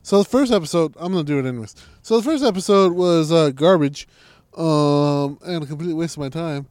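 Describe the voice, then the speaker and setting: A man's voice: fairly high pitch, brisk, darkish tone, no room sound. A young man in casual, profane chat, sarcastic and mocking, ranting about a show. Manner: crude, sarcastic, mocking, does silly impressions.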